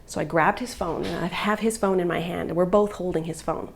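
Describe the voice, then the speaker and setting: Mom on a live vlog, kinda gravelly, all worked up telling it, lots of "like". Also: female voice, fairly low pitch, steady tone, fairly quick. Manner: agitated, upset retelling with many "like" fillers. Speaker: vlogger and mother. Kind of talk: emotional live-video storytelling.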